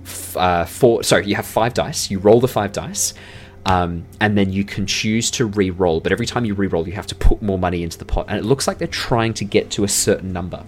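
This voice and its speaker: A deep-voiced man narrating a tabletop game as dungeon master, rambling through his descriptions with plenty of ums. A faint hiss sits under the recording. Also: fairly quick. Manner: rambling, filler-heavy description.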